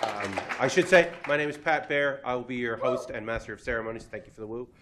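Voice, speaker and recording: A man hosting a live comedy panel on a convention stage, animated and laughing at his own jokes. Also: medium pitch, quick pace, a loud crowd, very noisy. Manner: animated, laughing, self-deprecating. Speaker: host. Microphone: handheld or stand mic.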